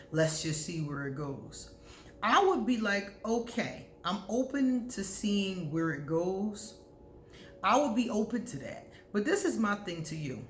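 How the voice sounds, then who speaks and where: A woman vlogger giving casual, candid astrology advice to camera, talking freely and breaking into loud laughter. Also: fairly low pitch, reverberant, slight background noise.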